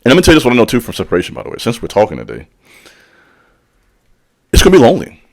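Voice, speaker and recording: A man's voice: medium pitch, huge pitch swings, rapid-fire. A man giving a blunt motivational talk as a spiritual leader, using casual slang, calling out the listener directly and repeating lines for emphasis. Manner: preachy, direct, calls out the listener. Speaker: channel host and spiritual speaker. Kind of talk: motivational monologue.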